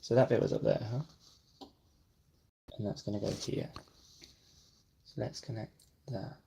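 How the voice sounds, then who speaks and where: A man narrates his build in a slow, unhurried way. His voice has a gravelly, creaky edge. He chats to himself and sometimes drops to a near whisper as he concentrates. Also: on the low side, sing-song, background noise. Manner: self-deprecating, talks to himself while building. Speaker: brick-building vlogger. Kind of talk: casual build commentary.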